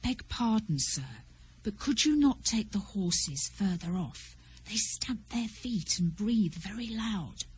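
A woman reading aloud, voicing a respectful, anxious village man who speaks very softly. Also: mid-range voice, lively intonation, measured pace, husky, rough recording. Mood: hushed. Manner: hushed, near whisper.

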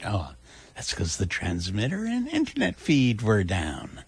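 A male radio host with a husky voice, talking in a chatty way and correcting himself as he goes. His pitch swings widely. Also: wildly swooping pitch, a little slow, dry recording. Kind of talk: casual radio talk.

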